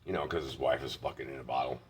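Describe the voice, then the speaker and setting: A man's voice: very deep voice, fairly even intonation, quick pace, slight background noise. A man telling candid personal stories in a blunt, heavily profane way. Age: adult. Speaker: vlogger.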